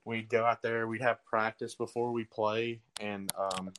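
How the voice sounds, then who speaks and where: A teenage baseball recruit with an Alabama accent, answering interview questions in a halting way with lots of ums. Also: male voice, on the low side, little pitch movement, fairly bright tone, a little hiss or hum, poor audio. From Southern US. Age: teens. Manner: halting, with many ums and restarts.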